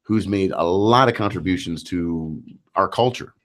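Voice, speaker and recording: A man in his thirties with a low voice hosts a radio talk show. He chats casually, tells anecdotes and slips into voices for the people in them. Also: normal speed, a bit bright. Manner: chatty, storytelling, acts out voices in anecdotes.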